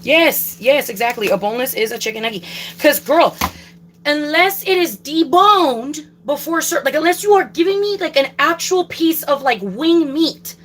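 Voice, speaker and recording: High, bright-voiced young woman ranting. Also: lively intonation, normal speed, slight background noise, poor audio. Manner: profane, emphatic, repeats herself. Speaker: livestreamer. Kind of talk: casual livestream rant.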